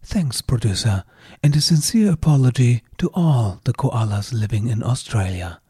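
A man's voice: mid-range voice, animated, normal speed, dark tone, husky, no room sound, clean studio sound. A man acting as the podcast producer, reading out a correction. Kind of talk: inserted correction clip.

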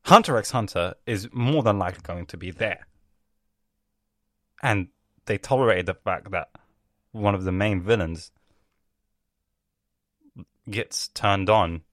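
A man's voice: on the low side, fairly bright tone, no room sound, clean studio sound. A young man ranting about a cartoon in a rambling, swearing way with laughing asides. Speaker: video host. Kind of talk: casual profane rant.

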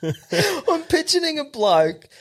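A man's voice: very high-pitched, big pitch swings, slow, a bit bright. An Australian man co-hosting a podcast in casual chat. He laughs often and swears freely. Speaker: podcast co-host.

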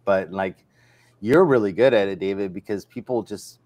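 This man's voice is lowish and darkish, at a moderate pace, recorded dry. He hosts a casual livestream chat, wandering from topic to topic and recounting stories through quoted dialogue.

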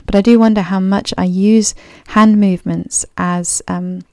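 Speaking unhurriedly at a medium pitch, a female podcast host reflects alone on her show, her steady, mellow voice carrying a clipped, somewhat posh English accent. She grew up overseas as a third culture kid and fills her musings with ums and restarts. It's a clean studio recording without room sound.

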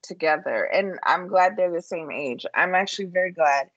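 A woman's voice: on the low side, moderate pace, a bit bright, dry recording, lo-fi sound. A woman with a New York accent co-hosting a casual chat, blunt and profane with lots of fillers. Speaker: podcast co-host. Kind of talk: casual chat about reality TV.

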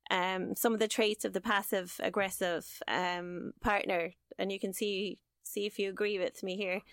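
A woman's voice: mid-range voice, little pitch movement, moderate pace, a bit bright, dry recording, clean studio sound. A woman co-hosting a podcast, talking through scenarios in a chatty way. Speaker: podcast co-host. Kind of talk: casual discussion.

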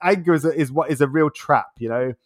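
A man's voice: fairly high pitch, fast talker. A man as an interview guest, talking in a reflective, casual way, laughing often and repeating words as he thinks.

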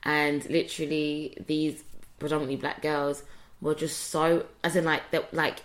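A woman's voice: low-pitched, flat delivery, moderate pace. A young woman, co-hosting a podcast in casual, chatty talk full of fillers and restarts. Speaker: podcast co-host. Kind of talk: casual chat.

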